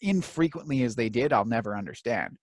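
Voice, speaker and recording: A man's voice: medium pitch, lively intonation, brisk, slight background noise. A man in his thirties, co-hosting a podcast, who tells stories in casual chat, swears often and acts out the people he quotes. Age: 30s. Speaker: podcast co-host.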